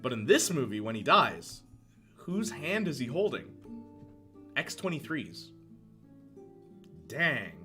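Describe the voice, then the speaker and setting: Young man, streamer, casual chat, bright tone, faint guitar music behind. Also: medium pitch, slow pace, pauses often. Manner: animated, laughs often, reads chat. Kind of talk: casual live-stream commentary.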